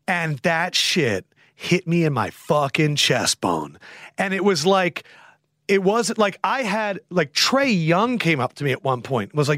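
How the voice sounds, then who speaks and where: A man in his thirties hosting a podcast, telling stories in a casual, animated way, acting out quoted voices and swearing freely. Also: a little high, measured pace, dry recording, studio quality. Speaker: podcast host. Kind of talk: casual storytelling chat.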